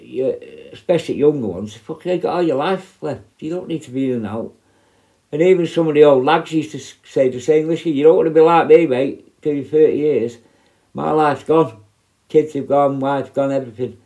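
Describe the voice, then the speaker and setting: Middle-aged bloke telling prison stories, sweary, blunt, rambles on, normal pitched voice. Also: male voice, a little mellow. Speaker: former prison officer. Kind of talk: casual storytelling.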